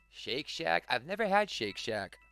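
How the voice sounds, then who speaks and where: A man streaming a game tells a story casually in a gravelly, slightly bright voice on the high side. He rambles, full of "like" fillers, restarts, and chuckles.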